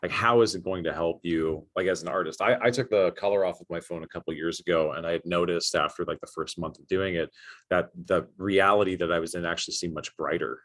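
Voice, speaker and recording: A man hosting a podcast interview, earnest and a little halting, with plenty of fillers. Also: sits low, fairly even intonation, fairly bright tone, no echo, clean studio sound. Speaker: podcast host. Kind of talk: casual interview talk.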